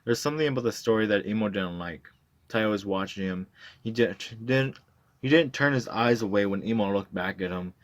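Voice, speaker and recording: Male reader, low voice, plain narration, dry sound. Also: no room sound. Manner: plain measured narration with small stumbles. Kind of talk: reading a novel aloud.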